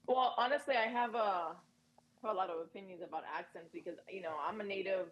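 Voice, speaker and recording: A woman co-hosting a podcast in lively, opinionated conversation. She speaks English with a Colombian Spanish accent. Her voice sits at an ordinary middle pitch for a woman. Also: brisk, lo-fi sound. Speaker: podcast co-host. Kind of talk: casual panel chat.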